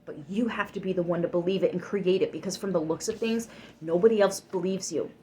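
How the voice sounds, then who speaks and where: A woman's voice: on the low side, fairly even intonation, fast, warm tone, slight background noise. Emphatic woman tarot reader. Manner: emphatic, swears freely, gets worked up. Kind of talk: tarot reading to camera.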